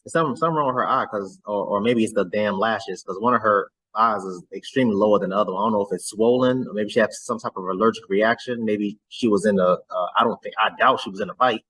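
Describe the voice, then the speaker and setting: A man's voice: fairly low pitch, quick pace, hardly any pauses, fairly bright tone, breathy edge, poor audio. A man hosting a reaction video, chatting casually and often repeating words as he stumbles through his thoughts.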